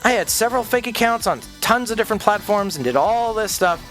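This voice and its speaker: High-voiced guy ranting on stream, swears a lot, does voices for people, quiet music behind. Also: expressive, quick pace. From Canada. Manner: profane, ranting, acts out quoted people. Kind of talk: casual rant while gaming.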